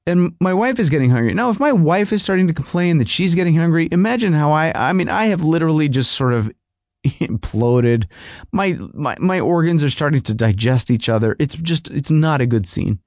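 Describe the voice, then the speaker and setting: Whiny, animated man telling a story. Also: a little high, a little fast, no echo, clean studio sound. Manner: whiny, rambling, exasperated. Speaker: podcast host. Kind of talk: comedic storytelling monologue.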